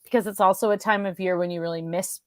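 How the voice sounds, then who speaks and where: A woman's voice: fairly low pitch, fairly even intonation, fast talker. Reflective woman guest on a talk show. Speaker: author guest. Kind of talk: casual conversation.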